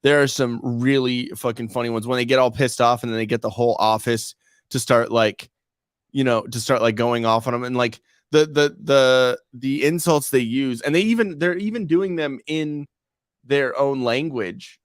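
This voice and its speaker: A male podcast co-host chats loosely and ramblingly, swearing freely and leaning heavily on fillers. His mid-range voice moves at a moderate pace, recorded at studio quality with no room sound.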